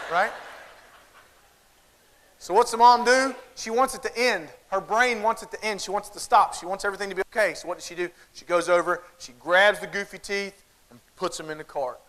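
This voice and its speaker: A man's voice: sits high, a little fast, a little hiss or hum. A man with a Southern accent giving a humorous keynote at a conference, telling stories and acting out voices of parents and children. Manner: animated storytelling, acting out voices of parents and kids. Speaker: keynote speaker. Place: large conference hall. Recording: hall reverb from a large venue. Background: audience laughter.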